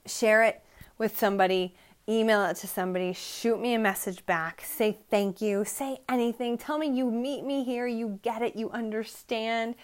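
A middle-aged woman hosting a solo motivational podcast from her bedroom, preaching with emphatic repetition and sounding emotionally drained. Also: fairly high pitch. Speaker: podcast host.

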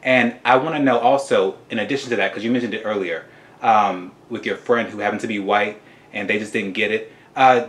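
A man's voice: on the low side, steady tone, a little fast, a bit bright. A man hosting a casual interview, asking his guest questions frankly and bluntly. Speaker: podcast host. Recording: echoey room.

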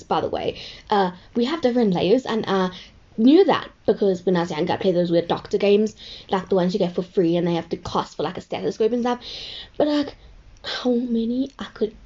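A woman's voice: mid-range voice, dark tone, dull audio. A woman telling a rambling, chatty story full of "like". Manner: rambling, chatty, heavy use of "like". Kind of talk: casual storytelling.

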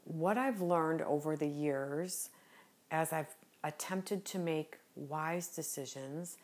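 Slow, low-voiced woman podcast host. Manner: gentle, unhurried and earnest, smiling as she speaks. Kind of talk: devotional podcast talk.

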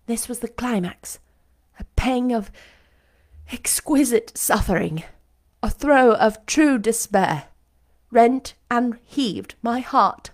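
A woman narrating a classic novel in the first person, expressive and emotional. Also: on the high side, slow pace. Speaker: audiobook narrator. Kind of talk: expressive literary reading.

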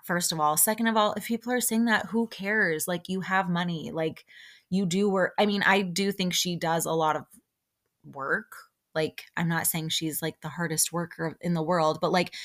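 Young female podcast host, casual and opinionated recap voice, slightly low pitch. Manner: chatty and opinionated, many fillers, quotes people in lively put-on voices. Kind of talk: casual chat.

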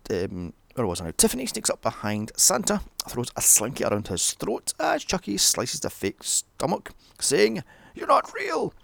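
Sarcastic British man with a gravelly voice. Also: medium pitch, huge pitch swings, normal speed, fairly bright tone, no echo. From Britain. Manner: sarcastic, profane, wandering asides. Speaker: film reviewer. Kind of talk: sweary comedic movie recap.

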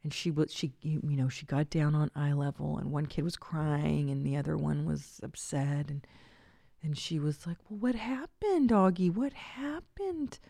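Gravelly-voiced chatty woman podcast host. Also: sits low, flat delivery, moderate pace, warm tone, dry recording, studio quality. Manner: chatty, self-deprecating, rambling. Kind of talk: casual comedic monologue.

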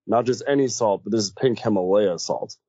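A man guest-hosting a podcast, talking in a dry, deadpan, teasing way. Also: lowish voice, brisk, slightly rough, no echo, highs cut off. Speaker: guest co-host. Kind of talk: casual chat.

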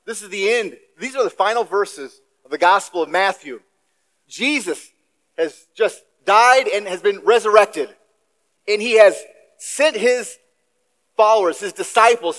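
A man with a fairly high voice delivers a sermon in a church. He preaches in an easy, conversational way and drops in offhand asides, as a guest speaker would. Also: fairly bright tone, low-quality recording. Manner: conversational, self-deprecating asides.

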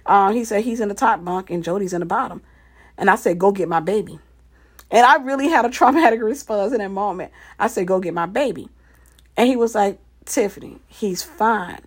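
A woman's voice: mid-range voice, a little fast, slightly rough. A woman casually telling a personal story, animatedly acting out the quoted dialogue and repeating phrases for emphasis.

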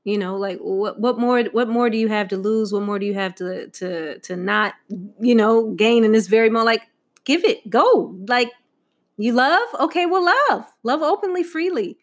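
A woman's voice: mid-range voice, moderate pace. A middle-aged woman telling a heartfelt personal story about her mother, candid and laughing often. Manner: candid, laughing often, acting out quoted voices. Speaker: guest sharing a Mother's Day tribute.

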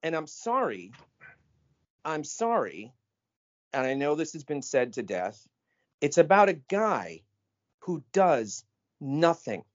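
A man co-hosting a podcast in casual chat, animated and emphatic, often cutting in. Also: on the high side. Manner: animated, emphatic, quick to interrupt. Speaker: podcast co-host. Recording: slightly dull lo-fi audio.

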